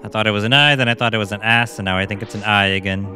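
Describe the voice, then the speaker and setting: A chatty man riffs on a game with laughing, casual commentary. His voice is bright and a little low. Faint game music plays underneath. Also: fairly even intonation, fast, hardly any pauses. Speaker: let's play host.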